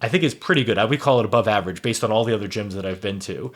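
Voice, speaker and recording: A man hosting a casual podcast conversation. He talks in a relaxed, rambling way. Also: on the low side, rapid-fire. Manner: relaxed, rambling, lots of "like" fillers. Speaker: podcast host.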